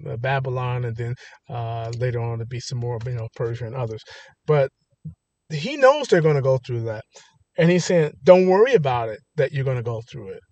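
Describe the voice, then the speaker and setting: A man's voice: mid-range voice, darkish tone, no echo. A man preaching a sermon, emphatic and rising to stress points, often restarting his words. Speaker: pastor.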